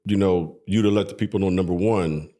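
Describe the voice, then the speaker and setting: A relaxed male host leads a casual interview in a low voice. He chuckles along with his guest and keeps the talk loose. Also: brisk.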